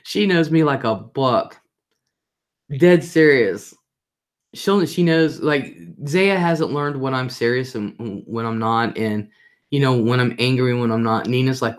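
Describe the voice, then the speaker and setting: A woman's voice: a bass voice, measured pace. A middle-aged woman hosting a casual live stream, reading viewer comments aloud and telling family stories in a chatty way, repeating herself for emphasis. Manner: mimics voices when retelling family moments. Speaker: livestream host.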